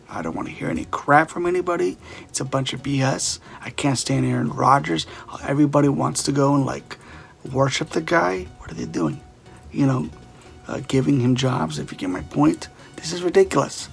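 A man's voice: on the high side, gravelly. A man from the Chicago area ranting as a frustrated fan in his sports vlog, peppering his talk with "okay?" and "frickin'". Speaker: sports vlogger.

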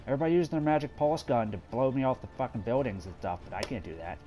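A man giving excitable, swearing let's play commentary while gaming and talking to his teammates. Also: medium pitch, quick pace, lo-fi sound. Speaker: gamer. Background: game music and sound effects.

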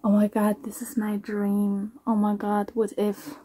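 A woman speaking slowly and softly in a casual vlog, her sentences halting and restarting as she gathers her thoughts. Her voice sits at an ordinary middle pitch, unhurried and reflective. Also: completely flat delivery, husky. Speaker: singer. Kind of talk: casual reaction vlog talk.

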